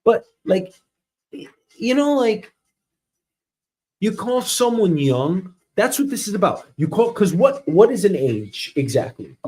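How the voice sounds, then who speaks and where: A man in his thirties hosting a comedic news monologue, ranting sarcastically and swinging between loud outbursts and mutters. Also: high-pitched. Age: 30s. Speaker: host.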